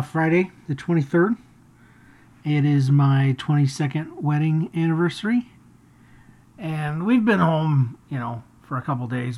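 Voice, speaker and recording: A woman's voice: low voice, a little mellow. A woman hosting a family podcast, telling stories in a rambling, chuckling way. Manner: rambling, chuckling storyteller with restarts. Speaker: podcast host. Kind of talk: casual family podcast chat and storytelling.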